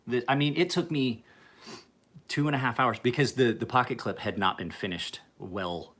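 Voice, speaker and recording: A man's voice: fairly low pitch, fairly bright tone. A man who sharpens and refinishes knives, chatting casually and profanely with viewers on a livestream. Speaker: knife sharpener.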